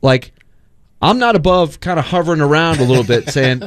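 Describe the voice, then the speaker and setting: A man on sports radio talks loosely and circles around his point. His voice runs a little high and swings up and down a lot. The sound is dry and close to the mic. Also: fast, no room sound. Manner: rambling, animated, full of fillers. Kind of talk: casual radio talk.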